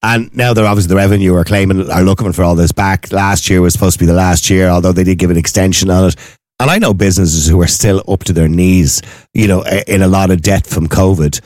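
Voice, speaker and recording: A man's voice: low-pitched, steady tone, quick pace, a little mellow, dry recording, clean studio sound. An Irish man co-hosting a casual chat, asking questions and chatting wryly. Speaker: podcast co-host.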